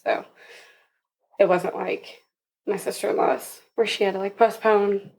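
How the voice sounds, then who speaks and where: A woman's voice: medium pitch, fairly even intonation, unhurried, gravelly, a little mellow. Young woman telling a story with laughter. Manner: laughs often while telling the story, acts out quoted voices. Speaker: podcast guest. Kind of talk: storytelling in a casual interview.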